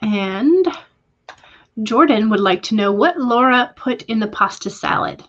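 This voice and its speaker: On a relaxed writing livestream, a woman reads her chat's comments aloud and responds warmly, pausing with hesitant fillers now and then. Her voice is fairly high with lively intonation, her pace a little slow, and the sound lo-fi.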